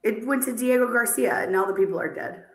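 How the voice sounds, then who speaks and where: Teasing woman on a video call, higher bright voice, kinda roomy echo. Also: quick pace. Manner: jokey, teasing, tells wild tales deadpan. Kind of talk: casual group chat.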